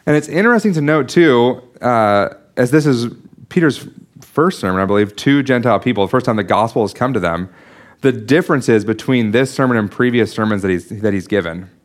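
A man delivering a sermon in an earnest, teaching way, walking listeners through a Bible passage. He pauses to restart his sentences and adds small asides. His voice sits at an ordinary middle pitch for a man. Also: lively intonation. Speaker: pastor.

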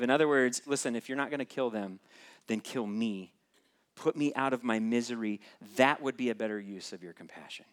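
A man's voice: medium pitch, a little fast. A male preacher giving a sermon in a conversational way, often putting questions straight to the listeners.

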